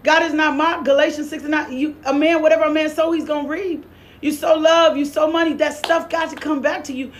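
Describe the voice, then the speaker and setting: A woman's voice: high-pitched, steady tone, fairly quick, slight background noise. A middle-aged woman preaching a sermon, fervent and exhorting, repeating her lines with bursts of laughter.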